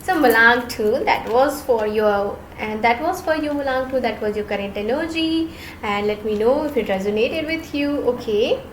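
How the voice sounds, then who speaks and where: A woman's voice: fairly high pitch, normal speed, echoey room, a little hiss or hum, rough recording. A woman giving an earnest, reassuring tarot reading to her viewers, often repeating phrases. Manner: earnest, reassuring, repeats herself, gets emotional. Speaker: tarot reader.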